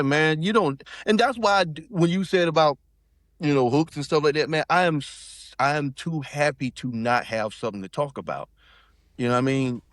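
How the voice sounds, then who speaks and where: A man's voice: fairly high pitch, dry recording, studio quality. A middle-aged man from South Carolina, telling a personal story in loose, rambling casual talk as a podcast guest. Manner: loose, rambling, with many restarts and fillers.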